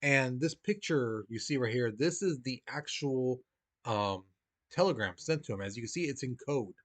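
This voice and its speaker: A man teaching history in a relaxed, chatty way, his voice sitting at an ordinary middle pitch. He explains as if talking straight to his class and slips into quick acted-out voices for the people he quotes. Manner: casual and conversational, acts out quoted voices. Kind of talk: recorded history lesson.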